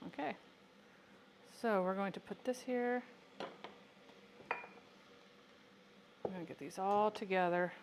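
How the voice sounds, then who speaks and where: A woman's voice: medium pitch, slow, long pauses, background noise. Chatty woman hosting a canning livestream. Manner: chatty, answers viewer questions, talks to herself while working. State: has the hiccups. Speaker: livestream host teaching home canning. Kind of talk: casual livestream cooking chat.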